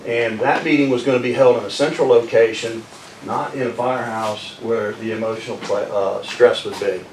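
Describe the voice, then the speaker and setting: A man's voice: medium pitch, steady tone. Man addressing a meeting in an echoey room. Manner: measured, apologetic, with fillers. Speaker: county manager. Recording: echoey room from far off, noisy.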